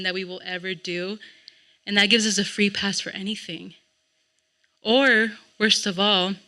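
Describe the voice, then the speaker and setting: A woman's voice: medium pitch, bright, forceful tone. A woman leading a church Bible lesson, earnest and full of rhetorical questions. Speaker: Sabbath school teacher.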